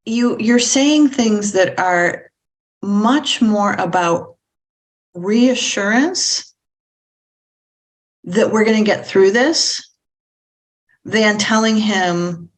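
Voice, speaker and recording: A woman giving an informal spoken lecture on parenting, talking in halting bursts with frequent restarts and acting out what children and parents say. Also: medium pitch, rough recording. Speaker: parenting educator.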